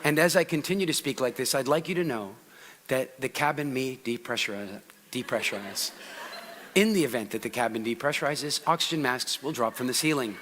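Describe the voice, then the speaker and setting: A man doing a droning, monotone speaker. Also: mid-range voice, voice pushed down, close to an everyday voice. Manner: slow, flat, sleepy monotone.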